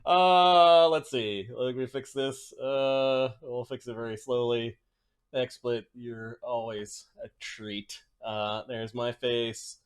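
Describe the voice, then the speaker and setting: A man's voice: medium pitch, slow, clear, resonant tone. A man hosting and running a tabletop game, chatting casually with lots of fillers. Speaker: game master and host.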